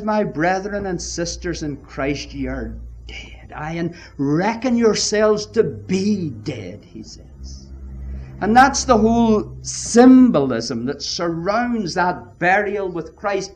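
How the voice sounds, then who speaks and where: A man preaching a sermon, emphatic and deliberate, often addressing his listeners as friends. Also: high-pitched, very animated.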